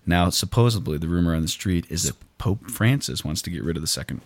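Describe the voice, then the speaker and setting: A man co-hosting a casual conversation, explaining things in a measured way and checking that the listener follows. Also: sits low, animated, no room sound.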